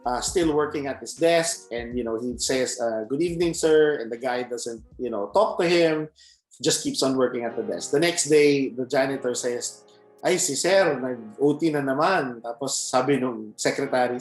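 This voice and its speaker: A man's voice: medium pitch, moderate pace, soft background music. Filipino man telling ghost stories, roomy. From Philippines. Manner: storytelling, mixing English and Tagalog. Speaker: guest, comic book creator. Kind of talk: casual podcast chat. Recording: roomy echo.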